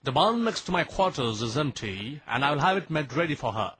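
A husky, high, lively voice of a pompous temple teacher, touchy and self-important. The recording is dry and close. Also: male voice, a little fast, no room sound, full character voice. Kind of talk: dubbed film acting.

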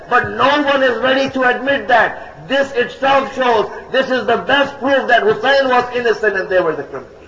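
High, bright male preacher; emphatic, repetitive sermon delivery in an echoing hall. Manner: emphatic, repeats key phrases; addresses listeners as brothers and sisters. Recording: echoey hall, dull lo-fi sound.

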